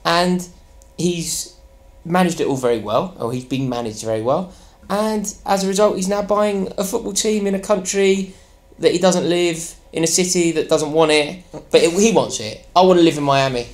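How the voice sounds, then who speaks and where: A man's voice: high voice, normal speed. A man, a guest on a football podcast, blunt and opinionated and given to rants. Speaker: podcast guest, fan channel host. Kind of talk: casual football podcast chat.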